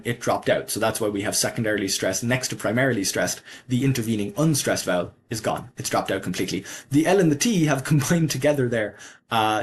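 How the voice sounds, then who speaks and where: A man of middle pitch presents a language he made himself, scrolling through his notes. He explains at an easy, unhurried rate, stopping to think aloud and fix his own wording. It sounds like a casual lesson recorded at a home desk. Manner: explanatory, thinks aloud with fillers and self-corrections. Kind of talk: casual walkthrough of a screen.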